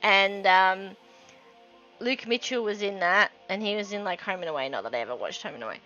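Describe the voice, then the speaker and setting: A woman's voice: mid-range voice, animated, fairly quick, bright, forceful tone, lo-fi sound, faint music behind. An Australian woman rambling in casual chat while she paints on a livestream, laughing often. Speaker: livestream host.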